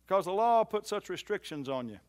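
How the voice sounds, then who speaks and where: A man preaching a sermon in a church, swinging from loud emphatic lines to soft low ones and repeating phrases for emphasis. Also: big pitch swings, fairly quick. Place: church hall.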